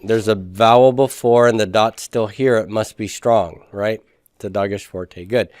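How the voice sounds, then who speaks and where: A male teacher walks through a review lesson in a smooth, resonant voice. He poses questions and then answers them himself, step by step. The sound is dry and close, with no room around it. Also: fairly low pitch, moderate pace, a little mellow, no room sound. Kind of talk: recorded class review lesson.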